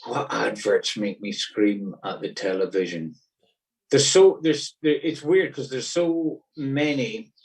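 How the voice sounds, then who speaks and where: A man's voice: medium pitch, slow pace, a little mellow, recorded from a distance, poor audio. A man, a guest comedian in casual chat, who acts out scenes in silly voices.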